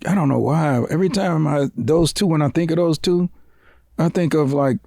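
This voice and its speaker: A man co-hosting a podcast, telling loud, laughing, profane stories in casual chat. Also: on the high side, normal speed, creaky, no room sound, studio quality. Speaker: podcast co-host.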